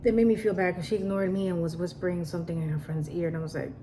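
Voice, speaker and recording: A woman's voice: on the low side, fairly even intonation, racing, few pauses, warm tone, slight background noise. A woman telling a personal story in a casual, earnest way, often repeating herself and restarting sentences. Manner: repetitive, earnest, frequent restarts and "like".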